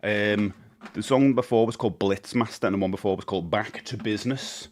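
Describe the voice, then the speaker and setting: Chatty low-voiced British man streaming. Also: a little fast. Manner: chatty, rambling, many fillers, greets viewers. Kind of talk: live stream chat.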